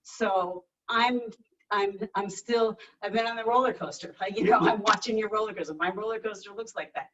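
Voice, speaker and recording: A woman talks eagerly on a group video call, tripping over her words as she goes. Her voice sits at a middle pitch and sounds far from the mic, with dull, muffled audio. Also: normal speed, a bit bright. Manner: chatty, enthusiastic, stammering restarts. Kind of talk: casual chat.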